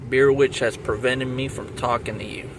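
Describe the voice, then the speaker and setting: A man's voice: mid-range voice, fairly even intonation, moderate pace. A man telling a rambling story in casual talk, restarting and repeating himself with lots of fillers. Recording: loud traffic and outdoor noise.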